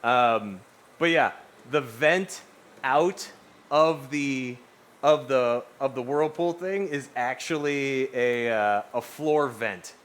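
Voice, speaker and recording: A man's voice: medium pitch, takes it slowly, smooth. A young man livestreaming in casual chat, rambling and cursing freely as he talks to his viewers. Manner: rambling, animated, swears freely.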